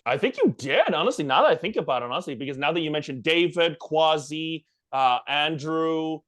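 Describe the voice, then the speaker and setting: A man's voice: on the high side, expressive, fairly quick, fairly bright tone, no room sound, clean studio sound. A man hosting a casual podcast interview, rambling through his questions with many restarts. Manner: rambling, many restarts and fillers, frequent backchannels. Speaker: podcast host.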